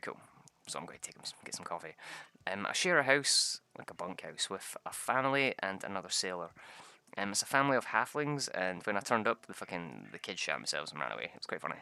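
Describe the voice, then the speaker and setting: Young man, casual rambling storyteller, gravelly and lively, dry close sound. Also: fairly low pitch, no echo. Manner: rambling, swearing, laughing often. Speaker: gamer telling tabletop game stories. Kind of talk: casual chat.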